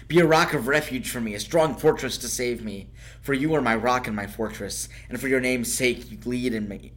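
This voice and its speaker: A man reading psalms aloud in a measured, solemn way, rising on the lines of praise. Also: on the low side, a bit bright. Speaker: scripture reader. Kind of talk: scripted scripture reading.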